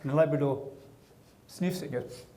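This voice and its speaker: Male comedian, high voice, chatty joke delivery. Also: moderate pace, warm tone. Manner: chatty storyteller who acts out the characters. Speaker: guest comedian. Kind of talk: joke telling.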